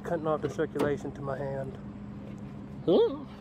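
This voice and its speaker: A man's voice: sits high, lively intonation, normal speed, muffled recording. A man being arrested in an outdoor car park, joking and rambling in playful banter. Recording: noisy outdoor street recording with traffic.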